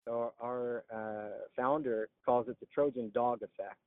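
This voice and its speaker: A man's voice: medium pitch, fairly even intonation, unhurried, dry recording, narrow, tinny audio. Frank plainspoken man, phone-thin sound. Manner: frank, plainspoken, frequent "uh" and "you know". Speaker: interviewee, veteran and dog trainer. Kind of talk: candid personal storytelling.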